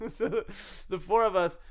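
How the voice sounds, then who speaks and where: A high-pitched man speaking at a measured pace tells a casual, rambling story about his addiction. He swears freely and laughs often between phrases.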